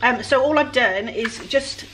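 A woman's voice: a little high, measured pace, fairly bright tone, a little hiss or hum, low-quality recording. A woman with a Welsh accent chatting casually and self-deprecatingly to viewers while she paints furniture outdoors. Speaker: furniture flipper. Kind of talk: casual DIY vlog narration. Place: outdoor work area with flies.

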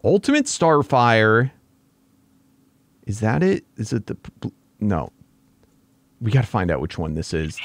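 A young man giving excitable let's-play commentary, yelping and groaning at mishaps while playing a game. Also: medium pitch, no echo. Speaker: gaming YouTuber.

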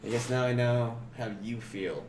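A man co-hosting a casual livestream podcast, stoned, slow and rambling, with coughing fits. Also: medium pitch, steady tone, darkish tone. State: high, coughing. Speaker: podcast co-host. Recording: echoey room with faint noise.

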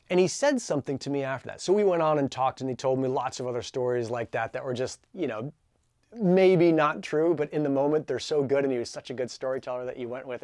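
A man in his forties telling a story in a casual, energetic, chatty way, full of fillers like "like" and "dude". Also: medium pitch, no room sound, studio quality. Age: 40s. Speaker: channel host.

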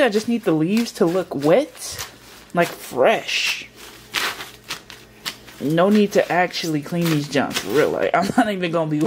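A woman chatting casually to camera in her home kitchen, slangy and thinking out loud, now and then slipping into a put-on British accent. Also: on the low side, noisy background. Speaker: vlogger. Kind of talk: casual vlog chat.

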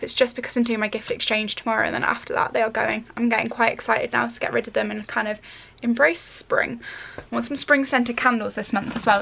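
A chatty young woman rambles to her vlog camera from her bedroom, full of ums and likes. Her voice sits a touch high with a gravelly edge of fry. It sounds casual and unscripted, filmed handheld. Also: a bit bright. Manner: rambling, chatty, lots of fillers. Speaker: vlogger. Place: bedroom at home.

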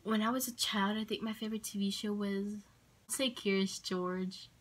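A woman's voice: mid-range voice, fairly even intonation, moderate pace, rough recording. Rambling woman vlogger, casual. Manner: rambling, hesitant, with many ums and likes. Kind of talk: casual Q&A tag video.

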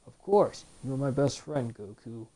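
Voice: medium pitch, animated, measured pace, dark tone. A woman reading the lines of a grateful, humble village man in a video game, earnest and thankful.

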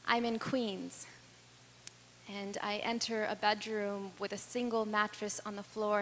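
A woman's voice: a little high, a bit bright. Earnest woman telling stories in a hall. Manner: earnest, dramatic pauses and rising intensity. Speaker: speaker. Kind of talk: personal storytelling speech. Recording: reverberant hall with faint hum.

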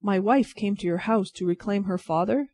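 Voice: medium pitch, normal speed, a little mellow, dry recording, close to an everyday voice. A reader voicing an earnest male prisoner in his thirties, pleading and bewildered, in a dry, close recording. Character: Charles Darnay, man in his thirties, bewildered emigrant prisoner. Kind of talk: audiobook reading.

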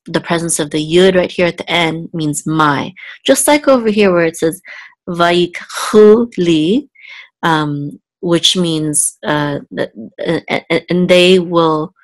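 A woman teaching a Hebrew reading lesson, explaining patiently and coaxing her student along. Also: low-pitched. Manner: patient, coaxing, many "mm-hmm"s. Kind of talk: live online lesson, explaining and correcting.

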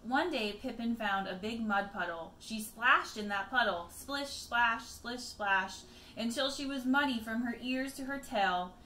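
A woman teacher reading a picture book aloud to children, expressive, with chatty asides to her pupils. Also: a little high, unhurried, echoey room, a little hiss or hum.

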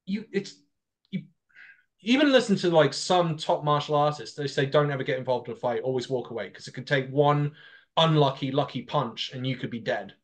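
A man, his voice sitting a little higher than most men's. He tells a long story with animated energy, carrying on from one point to the next in a casual political chat. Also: brisk.

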